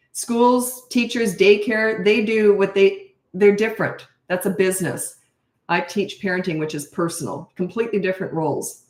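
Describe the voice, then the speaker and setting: A woman in her sixties, a parenting coach, answering viewer questions in a blunt, emphatic and opinionated way. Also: mid-range voice. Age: 60s. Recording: echoey room.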